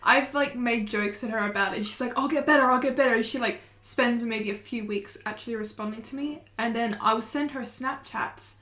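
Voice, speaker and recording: A woman's voice: on the high side, bright, forceful tone, roomy sound. An Australian woman with a mixed posh English and Australian accent, co-hosting a podcast in casual, sweary, ranting chat. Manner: sweary, ranting, quick to tease. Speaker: podcast co-host.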